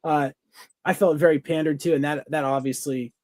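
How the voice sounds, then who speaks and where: Slightly high and darkish, his voice keeps a fairly even intonation at a normal speed with no echo. He's a podcast co-host in a casual review conversation, rambling enthusiastically with lots of fillers and restarts.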